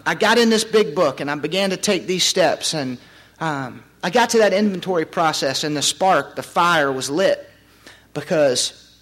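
A young man telling his personal recovery story at a meeting, in an earnest, halting way with frequent pauses. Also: a little high, fairly bright tone. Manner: halting, many fillers and restarts, earnest.

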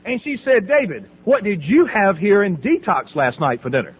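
A man's voice: high voice, big pitch swings, normal speed, husky. A middle-aged man from the American South tells his recovery story, acting out conversations and laughing often. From Southern United States. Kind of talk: personal testimony talk. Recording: tinny phone-like audio.

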